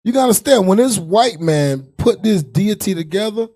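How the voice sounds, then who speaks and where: A man hosting, reacting to videos in animated, preachy commentary. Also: sits high, moderate pace. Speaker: host.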